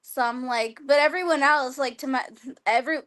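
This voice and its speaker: A talkative woman speaks as a guest on a streamed interview over a video call. Her voice sits a little high, and she rambles casually, with constant "like" fillers and easy laughter. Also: moderate pace, fairly bright tone. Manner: chatty, lots of "like", laughs often. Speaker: guest wrestler.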